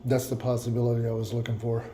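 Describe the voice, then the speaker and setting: A man's voice: medium pitch, completely flat delivery, quick pace, mellow, a little hiss or hum. A man vlogging a reflective personal monologue, musing and repeating himself, with laughs at his own words.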